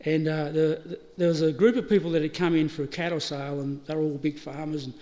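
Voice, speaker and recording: With a dark tone, a slightly high pitch and a steady, quick delivery, a middle-aged Australian man shares stories in a chatty funeral eulogy, laughing and restarting. Hall reverb colors the live stream.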